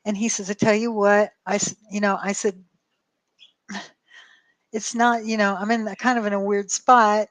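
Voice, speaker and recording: A woman's voice: mid-range voice, level tone, measured pace, pauses often, no room sound. Woman on a call show telling a story, acts out the dialogue, swears a lot, dry close sound. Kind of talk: casual storytelling chat.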